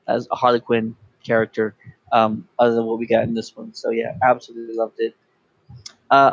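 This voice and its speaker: A man's voice: mid-range voice, no echo. A man co-hosting a casual movie review podcast, talking with enthusiasm and acting out lines in funny voices. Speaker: podcast co-host. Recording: dry dull lo-fi sound.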